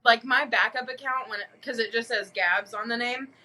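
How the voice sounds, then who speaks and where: Sassy high-voiced woman, very bright. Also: normal speed, a little hiss or hum, rough recording. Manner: sassy, exasperated, profane. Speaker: podcast co-host. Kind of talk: casual chat.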